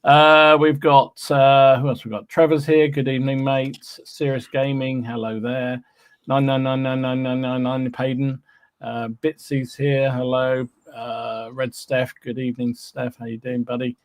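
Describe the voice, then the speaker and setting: A man hosts a casual live show in an easygoing, rambling way, full of fillers and small hums between names. His voice sits at an ordinary middle pitch. It is recorded close and dry, with no room sound at all. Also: little pitch movement, a little slow, dry recording. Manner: chatty and easygoing, with many fillers and humming. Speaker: podcast host. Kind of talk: casual live-stream chat, reading out viewer names.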